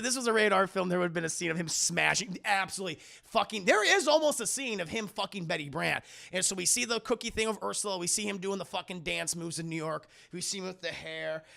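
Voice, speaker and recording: A man talking to his stream chat in a high, bright voice with a strong gravelly fry. He retells film scenes in a loose, profane, excitable way and acts out the characters' lines. He sits close to his microphone. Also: fairly quick. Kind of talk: casual livestream commentary with chat. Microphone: close desk microphone.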